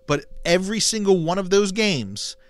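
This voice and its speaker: A man's voice: sits high, very animated, normal speed. A man co-hosting a casual sports talk show, making his case by asking questions and answering them himself. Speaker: sports podcast co-host.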